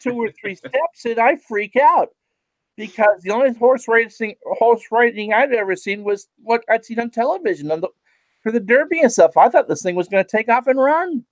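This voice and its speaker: A man chatting casually, quick to laugh and react to the story. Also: very high-pitched, expressive, no echo, low-quality recording. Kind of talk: casual chat.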